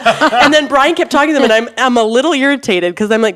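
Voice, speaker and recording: A woman's voice: a little high, expressive, brisk, few pauses. A woman guest on a church podcast, telling a story in casual conversation and acting out the voices of the people in it. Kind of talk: casual testimony chat.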